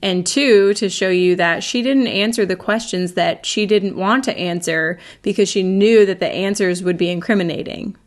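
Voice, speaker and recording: A woman talking over a clip in a casual commentary style. Her remarks come out dry and sarcastic. Her pitch sits in a middle range. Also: moderate pace, hardly any pauses. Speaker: anti-MLM commentator.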